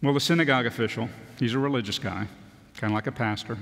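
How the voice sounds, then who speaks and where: A man's voice: mid-range voice, quick pace, vocal fry, a bit bright. Man, pastor, conversational preaching, lingering echo of a large sanctuary. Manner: conversational preaching with self-deprecating humor. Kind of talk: sermon. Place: church sanctuary. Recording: long church hall reverb.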